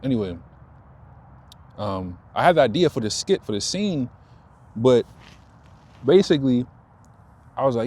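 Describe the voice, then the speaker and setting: A man talking casually to his audience outdoors, rambling and repeating himself, perking up when excited. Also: medium pitch, unhurried, pauses often. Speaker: vlogger. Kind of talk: casual talk to camera.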